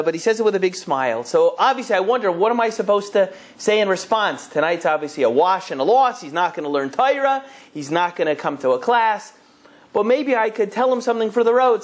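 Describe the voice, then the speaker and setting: A man in his thirties, a rabbi telling a story and acting out every character with lively delivery. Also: high voice. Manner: animated, acts out every character. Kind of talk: storytelling talk.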